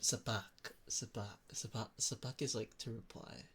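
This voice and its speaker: A man's voice: fairly low pitch, fairly even intonation, unhurried, fairly bright tone, slightly rough. A young man from the Philippines, chatting casually with his stream chat, thinking aloud with lots of fillers.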